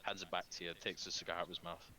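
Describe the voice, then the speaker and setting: A man's voice: sits low, little pitch movement, racing, a little hiss or hum. A man in a tabletop role-playing game, swapping between his character and narration, swearing freely. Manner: swears freely, banters loudly. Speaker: player.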